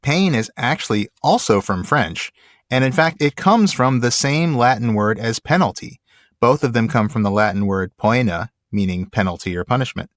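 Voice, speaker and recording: A man co-hosting a casual podcast, explaining word origins in measured detail. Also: medium pitch, lively intonation, no echo, clean studio sound. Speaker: co-host.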